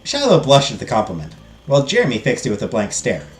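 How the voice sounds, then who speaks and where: A man's voice: mid-range voice, fast. A middle-aged man from the United States reading a game's story aloud and chatting between lines, in an echoey room with faint music behind. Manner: expressive reader, chatty asides. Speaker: host.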